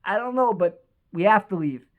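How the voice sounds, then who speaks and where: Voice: mid-range voice, animated, normal speed, narrow, tinny audio, lightly acted. Storyteller quoting a firm, loving girlfriend. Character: young woman, loving but firm girlfriend. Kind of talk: storytelling, quoted dialogue.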